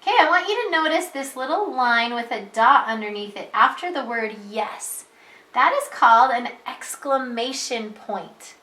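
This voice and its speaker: A woman leads a preschool reading lesson, slow and patient, with a bright, slightly high voice. She talks in a sing-song way and jumps up into excited calls when she reads out loud. The room around her sounds echoey. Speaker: preschool teacher. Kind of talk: reading lesson for young children.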